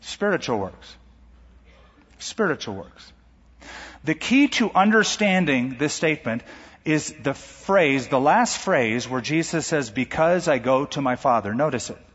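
A man delivers a sermon in a slightly high, husky voice. He pushes his points upward, then drops into quiet asides. The sound is dull and carries a long hall echo. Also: expressive, normal speed. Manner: dynamic preaching with sudden rises and drops. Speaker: pastor. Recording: dull recording in a large reverberant hall.

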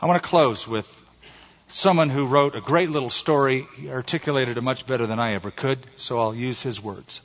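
A man preaching a sermon as pastor, earnest and expressive. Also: medium pitch, fairly quick. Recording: long hall reverb, dull lo-fi sound.

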